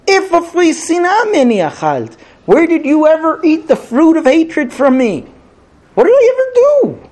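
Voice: mid-range voice, wildly swooping pitch, slow pace, a little mellow, voice pushed up, heavily acted. A teacher voicing Samson, a bewildered young man pleading with his wife in an earnest tone. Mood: indignant.

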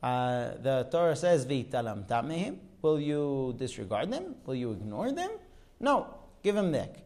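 A man's voice: mid-range voice, sing-song, unhurried, darkish tone. A man teaching a Talmud class, explaining texts and asking rhetorical questions. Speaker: religious teacher.

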